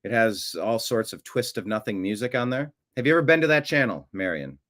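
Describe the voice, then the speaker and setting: An American man hosts a casual live stream, reading viewer comments and drifting into rambling, jokey asides. His voice sits at an ordinary middle pitch. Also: expressive, brisk, fairly bright tone. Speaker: show host.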